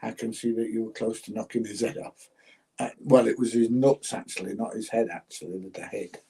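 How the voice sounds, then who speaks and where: A man's voice: fairly low pitch, fairly even intonation, brisk, gravelly, dark tone, slightly rough, poor audio. An older man casually chatting on a livestream, reading out viewer comments and laughing as he goes. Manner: chatty, laughs often, plain-spoken. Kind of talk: casual chat.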